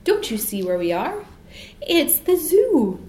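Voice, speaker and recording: A woman voicing a brisk, sensible girl. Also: medium pitch, a little mellow, echoey room, lightly acted. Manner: brisk, practical. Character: sensible, bossy older girl.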